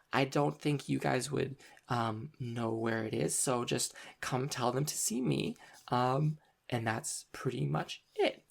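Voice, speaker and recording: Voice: mid-range voice, gravelly, exaggerated voice. A game master voicing a polite, flustered woman librarian who talks hesitantly with many ums.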